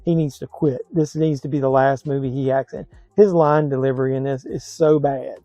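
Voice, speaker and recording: A man's voice: mid-range voice, steady tone, normal speed, dark tone, dry recording, soft background music, rough recording. Blunt, scathing male movie reviewer. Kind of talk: casual movie review vlog.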